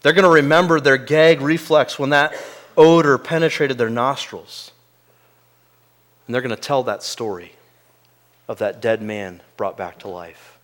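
A man preaching a sermon in an earnest way, moving between quiet asides and loud, emphatic peaks. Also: mid-range voice, a little slow, pauses often.

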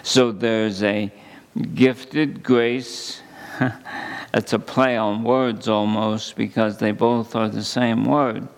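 A man preaching a sermon, reading scripture slowly and deliberately with emphatic pauses. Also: lowish voice, steady tone. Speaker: pastor.

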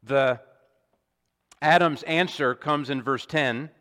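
A man preaching an expository sermon in a measured, deliberate way, with emphatic rises and small restarts. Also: mid-range voice, a bit bright. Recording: long hall reverb.

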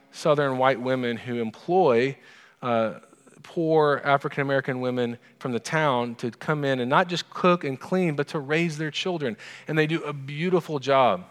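A man preaching a sermon as pastor, talking earnestly through a story and easing into a quiet, prayerful close. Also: medium pitch, smooth, big-room sound.

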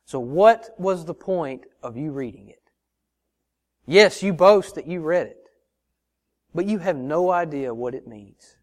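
Higher-voiced man preaching a sermon. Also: expressive, unhurried, pauses often, a little mellow. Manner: earnest preaching with repeated rhetorical questions to the congregation; addresses listeners as brothers and sisters. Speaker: pastor.

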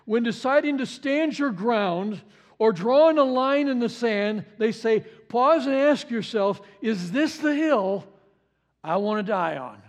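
A man's voice: extremely high pitch, expressive, measured pace. A man preaching a sermon, stressing and repeating key phrases for effect. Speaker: pastor.

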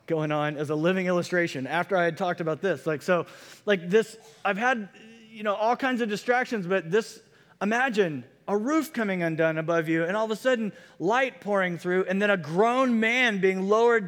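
A man preaching a sermon in a conversational, animated way, with many fillers. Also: sits high, moderate pace. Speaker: pastor. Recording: long hall reverb.

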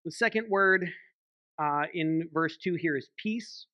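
A man's voice: on the high side, slow pace, no echo, highs cut off. A man, a church elder, preaching a sermon in a conversational way, often checking in with the congregation by asking "right?". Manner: conversational, frequent "right?" tag questions.

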